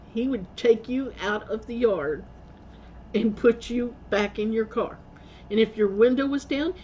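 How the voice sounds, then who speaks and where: A woman's voice: fairly high pitch, warm tone, muffled recording, a little hiss or hum. A woman vlogger telling rambling stories in a casual way, laughing often and correcting herself as she goes. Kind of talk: casual storytelling.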